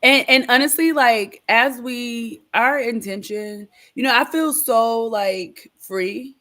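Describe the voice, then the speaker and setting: A woman's voice: a little high, takes it slowly, sharp tone. A woman co-hosting a live stream, chatting in an upbeat, motivational way. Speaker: co-host. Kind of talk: casual live-stream chat.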